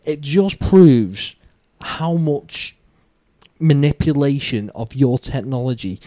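A man hosting a casual podcast, swearing freely as he rambles through his views. His voice is mellow and dark, recorded dry and close with no room sound. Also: medium pitch, slow pace, no echo. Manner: sweary, rambling, animated opinions. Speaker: podcast host.

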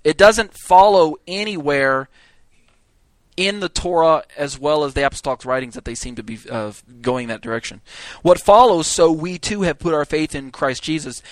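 Guy lecturing bible class, lively, bit high voice, dry close sound. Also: no room sound. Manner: animated, acts out quotes, restarts often. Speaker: Bible teacher.

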